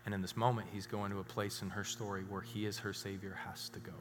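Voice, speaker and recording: A man preaching a sermon as a pastor, telling a story and dropping suddenly to hushed emphasis. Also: on the low side, level tone, quick pace, background noise. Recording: reverberant hall with faint music.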